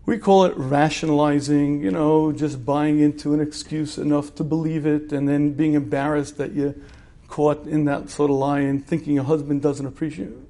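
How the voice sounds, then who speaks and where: A man with a somewhat high voice teaches in a relaxed, conversational way. He poses rhetorical questions, pauses to clear his throat, and keeps the lecture informal. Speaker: religious teacher.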